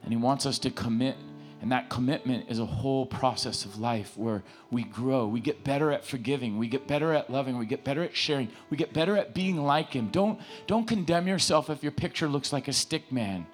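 A man preaching in a church, pleading and repeating his phrases with stammering restarts as he leads the room in prayer. His voice sits in an ordinary middle range. A guitar plays quietly underneath. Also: mid-range voice, brisk. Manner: impassioned, repetitive, stammering restarts. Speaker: pastor. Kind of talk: sermon with altar call and prayer. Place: church sanctuary.

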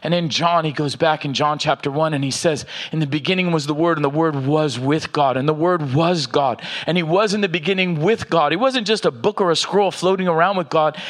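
A man preaching a sermon, reading scripture aloud with slow emphasis and checking in with the congregation. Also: on the high side. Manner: asks the audience "are you with me", reads scripture aloud with slow emphasis. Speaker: pastor.

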